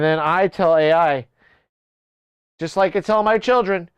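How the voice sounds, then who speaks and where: A man's voice: high voice, measured pace, long pauses, smooth, dry recording. A man hosting a livestream in casual, joking chat, talking to his tracking camera. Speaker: livestream host.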